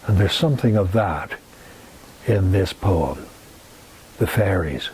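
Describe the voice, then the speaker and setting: A man in his eighties with a Northern Irish accent, giving a gentle, reflective talk and reciting poetry with a lilting emphasis. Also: low-pitched, expressive, slow pace, a little hiss or hum. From Northern Ireland. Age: 80s. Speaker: guest speaker.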